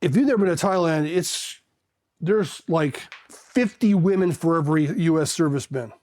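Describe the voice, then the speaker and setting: A man's voice: fairly high pitch, moderate pace, a little mellow. A man in his fifties from California, a Marine veteran telling candid stories in a blunt, rambling way, swearing casually. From California, USA. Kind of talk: candid storytelling.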